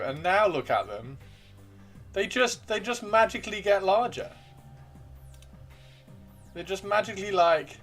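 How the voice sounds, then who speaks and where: A man live streaming as he builds miniatures, excitable and rambling, talking to himself and to chat. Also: high-pitched, a little slow, long pauses, soft background music.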